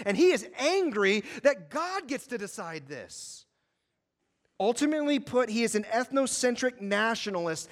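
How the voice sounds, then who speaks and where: Impassioned high-voiced male preacher. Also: big-room sound. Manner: impassioned preaching, swings between loud emphasis and quiet. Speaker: pastor. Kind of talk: sermon.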